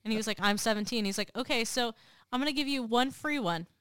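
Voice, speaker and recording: Bright crisp woman telling stories. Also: on the high side, fast, no echo, studio quality. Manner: lively storyteller, acts out quotes. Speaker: guest. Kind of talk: casual profane chat.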